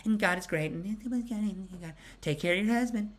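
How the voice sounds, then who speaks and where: A man mocking a meek hushed churchwoman. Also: high-pitched, measured pace, voice pushed up. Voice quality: soft, barely audible murmur.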